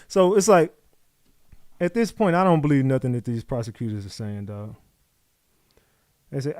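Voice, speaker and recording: A man with a New York accent commenting live on a trial, reading updates aloud and talking to his chat in a profane, animated way. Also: mid-range voice, normal speed, pauses often, no echo, clean studio sound. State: out of breath. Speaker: livestream commentator.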